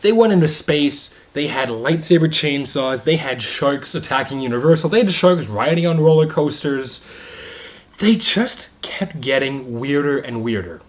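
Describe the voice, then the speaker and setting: A young adult man giving a casual video movie review, excited and rambling, with many asides and fillers. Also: on the high side, normal speed.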